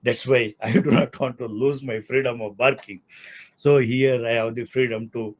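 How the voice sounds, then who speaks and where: A boastful, well-fed male dog, drawn from a spoken joke, brags about his riches in a plain, medium-pitched voice, as a man with an Indian English accent voices him. The delivery stays close to an ordinary speaking voice. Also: steady tone, normal speed, lightly acted. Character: rich, gold-decorated male dog, boastful.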